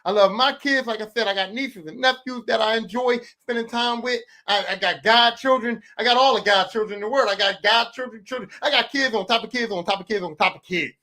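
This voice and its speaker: A man's voice: extremely high pitch, fairly quick, hardly any pauses, pushed and bright. A man, hosting a podcast with a profane, comedic rant that repeats lines for emphasis. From West Philadelphia. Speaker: podcast host.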